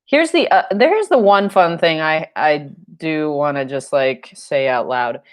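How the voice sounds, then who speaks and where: Woman, painting teacher, live-stream lesson, unhurried, lower voice, playful. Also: expressive. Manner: chatty and jokey, laughs often. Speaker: paint night instructor.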